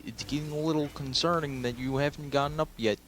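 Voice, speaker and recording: A man putting on a high, nasal impression of a polite, cheerful cartoon frog puppet. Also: fast talker, fairly bright tone, natural voice. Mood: fretful, teasing. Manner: folksy and polite, with a mocking edge.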